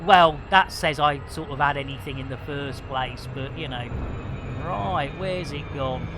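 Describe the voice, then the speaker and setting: A woman streaming a space game, chatting excitedly to her guests, often laughing and exclaiming at her own mistakes. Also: low-pitched, measured pace, background noise. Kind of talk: live gameplay commentary.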